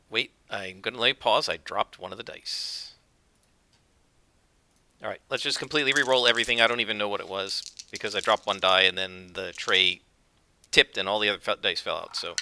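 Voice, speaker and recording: A man's voice: lowish voice, pushed and bright, slight background noise. A man narrating his solo tabletop game, thinking aloud and explaining dice rolls with frequent fillers and corrections. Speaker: game master and solo player.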